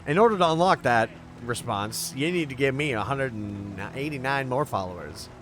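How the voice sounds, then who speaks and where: A man streaming a game, joking with his chat in a loose, rambling way and swearing freely. His voice sits at an ordinary middle pitch, with faint music in the background. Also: expressive, normal speed, fairly bright tone. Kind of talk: casual livestream chat while gaming.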